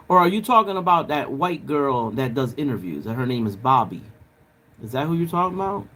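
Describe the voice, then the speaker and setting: A man's voice: medium pitch, very animated, normal speed, long pauses, bright, forceful tone. Rambling man chatting on a livestream. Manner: rambling, talks straight to viewers in chat; loose and profane, lots of filler. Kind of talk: casual livestream chat.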